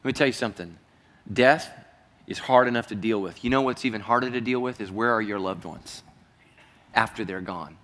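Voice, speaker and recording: A man preaching a sermon as pastor, telling a personal story earnestly and dropping to a hushed voice at heavy moments. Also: fairly low pitch, brisk, in a large hall.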